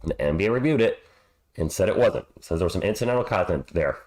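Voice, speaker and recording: Hoarse male live-stream host, slightly low voice, casual upbeat play-by-play chat. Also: expressive, fast talker, a little mellow. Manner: upbeat, chatty, greets viewers.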